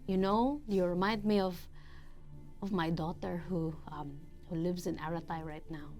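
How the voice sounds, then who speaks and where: A woman voicing a warm motherly caregiver with a put-on foreign accent, coaxing and gently whispery in a tabletop role-play. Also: on the low side, steady tone, moderate pace, faint music behind, close to an everyday voice. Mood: soothing. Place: studio.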